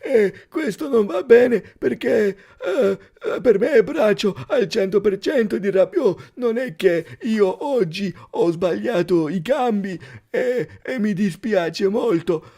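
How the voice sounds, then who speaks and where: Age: adult. Sex: man. Figure: gravelly whiny coach. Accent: Italian. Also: sits high, lively intonation, warm tone, voice pushed up, exaggerated voice. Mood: whiny lament. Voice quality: gravelly, croaky like a heavy smoker. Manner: whiny, hesitant, full of drawn-out "eh"s. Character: gravelly complaining male football coach impersonation.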